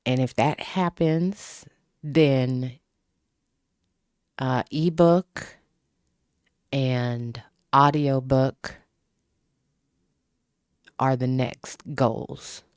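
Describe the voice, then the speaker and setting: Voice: medium pitch, fairly even intonation, drawn-out words, pauses often, a little mellow, clean tone, no room sound, clean studio sound. An author chatting casually to a livestream audience from a room at home, loose and profane, laughing often into a small microphone. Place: home room with window open. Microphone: small desktop microphone.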